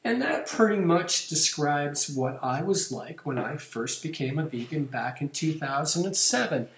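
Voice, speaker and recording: A man's voice: a little high, animated, measured pace, gravelly. A man hosting his own video channel, talking casually to camera and reading out viewer comments in a wry, playful, self-mocking way. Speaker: vlog host. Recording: echoey room.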